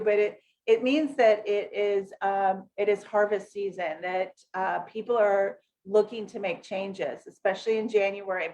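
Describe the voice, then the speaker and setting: Chatty and rambling, a middle-aged network marketing coach from the United States hosts a live session, trailing off into fillers and restarting sentences. Her voice is medium-pitched and darkish, with slight background noise, and it lifts when she greets viewers by name before she settles back into coaching.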